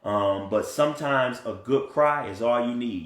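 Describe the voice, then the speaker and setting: A man coaching couples in casual talk, earnest and animated, often checking in with "right?". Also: mid-range voice, measured pace, hardly any pauses. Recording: echoey room.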